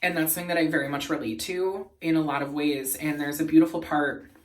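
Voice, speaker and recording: A man vlogging in a casual, earnest and emotional way, laughing softly as he talks. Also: a little high, fairly even intonation, fast, distant mic. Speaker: beauty and lifestyle vlogger. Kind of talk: casual chat.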